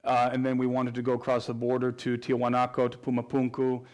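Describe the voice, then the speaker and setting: Male interview guest, mid-pitch, flat and earnest, talks in long explanations with restarts. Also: brisk. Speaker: guest researcher. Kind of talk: interview answers.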